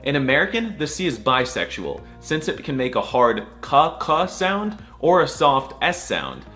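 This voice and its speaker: A man teaching letters for laughs, his pitch leaping and swooping as he goes. He delivers everything with exaggerated mock seriousness and breaks into sudden squeals, with faint music running underneath. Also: sing-song, measured pace, pushed and bright. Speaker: comedy language tutor. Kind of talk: comedic alphabet lesson.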